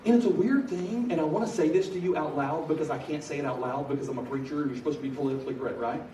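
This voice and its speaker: At a college gathering, a middle-aged preacher addresses a large room, storytelling with energy and sudden bursts of excitement. His slightly high voice races along; the distant, echoey recording has faint ambience and slight background noise.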